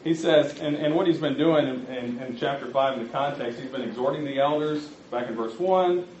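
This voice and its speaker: A man's voice: medium pitch, normal speed, a little mellow, slight background noise. A man preaching a sermon, talking conversationally and speaking directly to his congregation. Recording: roomy, slightly muffled recording.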